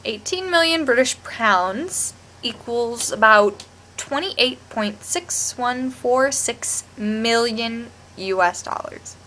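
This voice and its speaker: Excitable young woman gushing about a show. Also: on the high side, takes it slowly, slight background noise. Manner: gushing, rambling, excitable with many restarts. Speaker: vlogger reviewing a TV show. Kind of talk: casual chat to camera.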